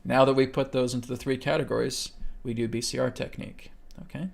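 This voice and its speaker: A man instructor leading a live webcast lesson, calmly talking listeners through breathing steps and checking in with "okay?" after each point. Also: medium pitch, fast talker, vocal fry. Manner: calm guiding delivery, keeps checking in with "okay?". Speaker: meditation instructor. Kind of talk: live webcast teaching a healing technique.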